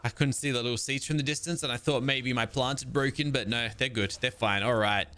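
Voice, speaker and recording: A young man giving casual running commentary on a survival game, reacting excitedly with sudden exclamations. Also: mid-range voice, brisk. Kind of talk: casual let's-play commentary.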